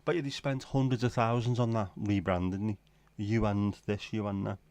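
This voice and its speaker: Chatting to viewers from home on a casual late-night livestream, a middle-aged British man rambles wryly and talks to himself. His voice is fairly low and darkish with a steady tone, moving at a moderate pace, and there's no echo.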